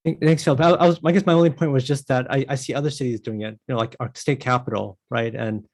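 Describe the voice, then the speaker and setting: A man's voice: mid-range voice, steady tone, quick pace, a little mellow. Male council member, casual meeting talk, lots of restarts and filler. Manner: rambling, many restarts and "you know".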